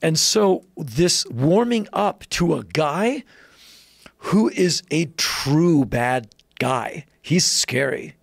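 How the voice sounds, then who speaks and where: A man guest telling a story in a casual podcast chat, animated, jumping into loud high voices when he quotes people. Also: extremely slow, creaky, no echo. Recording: dry close podcast mic.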